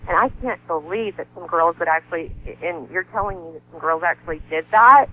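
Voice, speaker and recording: A woman's voice: fairly low pitch, fairly quick, narrow, tinny audio. A woman in her thirties, a model and actress guesting on an interview show, talking earnestly and from the heart. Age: 30s. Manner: earnest and heartfelt, laughs easily, voice softens when grieving. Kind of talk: emotional personal interview talk.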